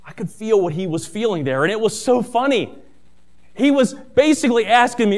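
A middle-aged pastor delivers a sermon at a moderate pace, telling stories and addressing his listeners as family. On key points, his pitch and volume rise.

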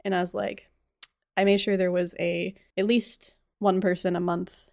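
A woman hosting a podcast in casual chat, chatty and quick to laugh, often trailing off and restarting her sentences. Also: on the low side, flat delivery, vocal fry, a little mellow, no room sound, clean studio sound. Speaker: podcast host.

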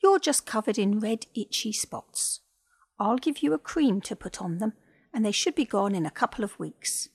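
Woman voicing a young woman vet, kind, encouraging, gravelly, husky tone, storybook. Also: mid-range voice, lively intonation, normal speed, dry recording, studio quality. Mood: cheerful.

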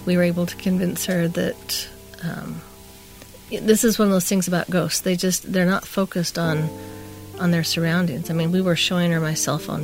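A middle-aged woman with a lowish, gravelly voice spins a chatty, rambling story on a talk show. She slips into the voices of the people she quotes, and faint music plays behind her. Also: little pitch movement, moderate pace. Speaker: podcast co-host telling a story. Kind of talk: casual storytelling.

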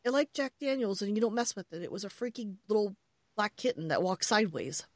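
A woman co-hosting a podcast from home, telling a story in a lively, exclaiming way and laughing often. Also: medium pitch, quick pace, no room sound. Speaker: podcast co-host. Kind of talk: casual chat. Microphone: headset earphones.

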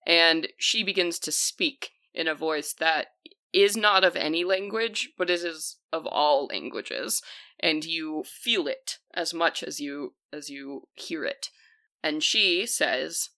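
A woman narrating a tabletop game as game master, describing scenes in a slow, hushed storytelling manner. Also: low voice, no echo.

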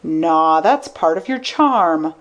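A woman voicing a fat, brash man who talks in a loud, blunt drawl. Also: sits low, animated, takes it slowly, muffled recording.

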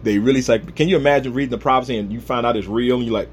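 A man's voice: medium pitch, racing, a little hiss or hum. A man preaching a humorous, conversational sermon, retelling Bible stories with comic asides.

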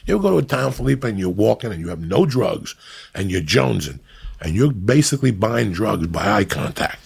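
A middle-aged man from New Jersey hosting a podcast, telling stories in a profane, animated, ranting way. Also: on the low side, fairly quick, gravelly, husky. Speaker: podcast host. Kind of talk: casual podcast banter.

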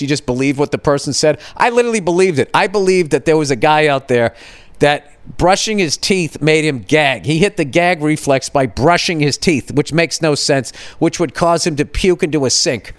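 A man's voice: a little high, expressive, fairly quick, no echo. A man, a podcast host telling profane, rambling stories and laughing at his own jokes. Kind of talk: casual rambling monologue.

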